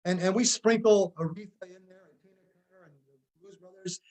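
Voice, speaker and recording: A man's voice: high-pitched, brisk, a little mellow. A man who plays in a tribute band, explaining his points at length in a casual interview.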